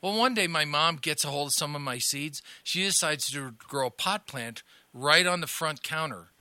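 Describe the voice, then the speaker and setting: A middle-aged man from Illinois hosts a loose radio talk, wandering from one anecdote to the next. His voice is strikingly bright and sharp, and it sits dry and close with no room around it. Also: on the high side, moderate pace, no room sound. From Illinois, USA. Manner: rambling, anecdotal, laughs at his own stories. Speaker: radio talk host and comedy club owner. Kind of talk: casual storytelling chat.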